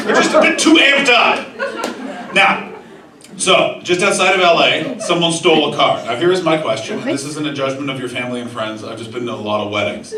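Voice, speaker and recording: Animated male stand-up comic in a roomy club. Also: sits high, moderate pace. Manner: animated, shouting impressions of excited people. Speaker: stand-up comedian. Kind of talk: stand-up crowd work. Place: comedy club stage with audience. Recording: roomy club sound from far off, crowd laughter.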